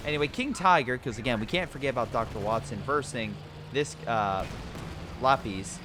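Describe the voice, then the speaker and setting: A man commentating a strategy game replay, excitable, laughing and giving units joking voices. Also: medium pitch, moderate pace. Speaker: game caster. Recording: game noise behind the voice. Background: artillery and gunfire game sounds.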